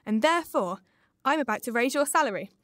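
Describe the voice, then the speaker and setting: Old miser employer voiced by a woman reader, gruff then kindly, storybook reading, higher voice, dry recording. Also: lively intonation, fast, fairly bright tone, no echo. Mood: mock gruff. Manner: mock gruff, then earnest. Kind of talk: reading a classic story aloud.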